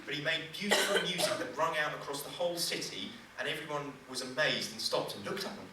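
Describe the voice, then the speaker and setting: A young man rambles through a stand-up joke, stopping to mock his own mistakes. His voice sits slightly high. He is recorded from a distance in a very echoey hall with clear noise behind him. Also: quick pace, hardly any pauses. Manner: rambling, self-deprecating, loses the thread. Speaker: stand-up comedian. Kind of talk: live stand-up comedy. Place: large hall at a church event.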